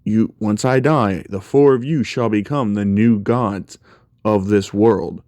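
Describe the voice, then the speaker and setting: Low-voiced man casually retelling a fan story. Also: slow pace, a little mellow, no room sound. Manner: rambling and conversational, many fillers.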